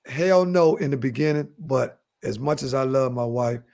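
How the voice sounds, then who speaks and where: A man in his fifties co-hosting a podcast, telling stories in a loose, animated way, swearing and laughing as he goes. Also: mid-range voice, moderate pace. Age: 50s. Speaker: podcast co-host. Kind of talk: casual chat.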